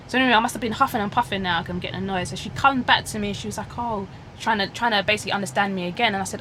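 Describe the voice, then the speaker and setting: A woman telling a lively story as a guest in a taxi, acting out the voices of the people she met. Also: medium pitch, very fast, few pauses, a little hiss or hum, poor audio. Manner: animated, acts out quoted voices, says "innit". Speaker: guest passenger. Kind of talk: casual storytelling chat. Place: inside a taxi.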